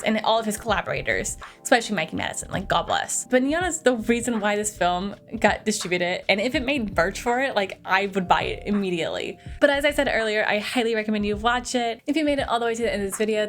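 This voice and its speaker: A young woman chatting casually through a film review, gushing and chatty, with a lot of "like". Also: mid-range voice. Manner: gushing, chatty, heavy use of "like".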